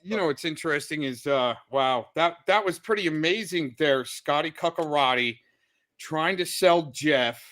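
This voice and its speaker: A man's voice: on the high side, moderate pace, fairly bright tone. A man making sarcastic, mocking remarks in casual stream commentary.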